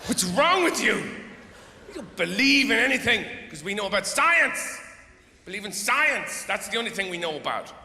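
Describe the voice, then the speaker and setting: A man's voice: high-pitched, big pitch swings, moderate pace, pushed and bright, slight background noise. Sardonic middle-aged man doing stand-up. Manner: rambling, sardonic, sweary, with sudden outbursts. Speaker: stand-up comedian. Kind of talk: live stand-up comedy. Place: live theater stage. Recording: echoey theater hall, faint audience.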